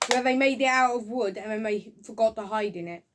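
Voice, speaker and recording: A woman with a fairly high voice runs through a casual video review, talking in an excited, rambling way. She keeps restarting her sentences and tumbling from one scene to the next. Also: a little fast, background noise. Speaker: film reviewer.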